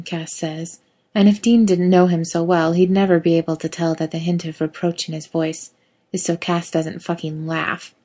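Husky woman reading a story aloud. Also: fairly low pitch, level tone, moderate pace, warm tone. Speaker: narrator. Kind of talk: reading fan fiction aloud.

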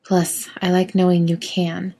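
A woman putting on a coy adult man who teases in a husky, mellow murmur. The delivery stays low and even, with breathy coaxing tones. It sits inside a quiet spoken story. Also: a little slow. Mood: teasing. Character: teasing adult man, playfully smug lover.

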